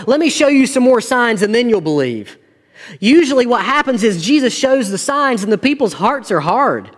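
A man's voice: high voice, fairly bright tone, big-room sound. A man, preaching a sermon to his congregation with earnest, rising and falling intensity. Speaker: pastor.

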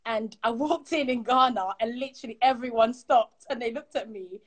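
Young woman guest, quick animated storytelling, slightly high voice. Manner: animated, quick, acts out quotes. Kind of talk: personal storytelling in conversation.

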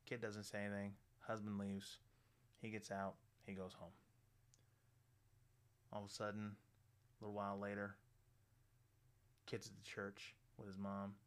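A podcast host with a fairly low, monotone voice speaks a little slowly and pauses often. He rambles through crude stories and jokes, swearing and saying "you know" a lot.

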